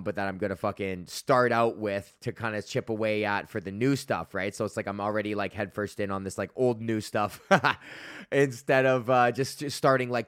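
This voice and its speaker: A podcast host and stand-up comedian with a fairly low, fairly bright voice tells a rambling, profane story in a casual monologue, packed with fillers and laughing at his own jokes. The sound is clean studio audio with no room sound.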